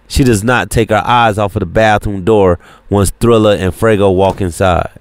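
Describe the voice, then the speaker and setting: A man narrating an audiobook in a steady, plain reading. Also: on the low side, normal speed, background noise. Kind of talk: scripted narration.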